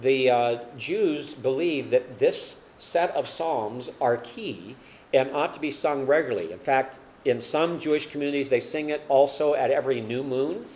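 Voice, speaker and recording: A man's voice: mid-range voice, normal speed, a little mellow, slight background noise. An older man preaching a sermon as a pastor, explaining with rhetorical questions and folksy self-deprecating humor.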